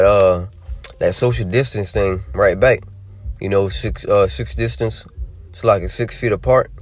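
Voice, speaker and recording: A man's voice: lowish voice, a little mellow. A man teaching from scripture, reading verses aloud and explaining them in a drawling, conversational way full of "you know" and "all right". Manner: drawling, many fillers and tag questions. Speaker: preacher.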